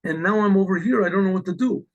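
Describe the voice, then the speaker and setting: Gravelly high-voiced man telling a story. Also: fast, muffled recording. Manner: animated, acts out characters with exclamations. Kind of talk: storytelling talk.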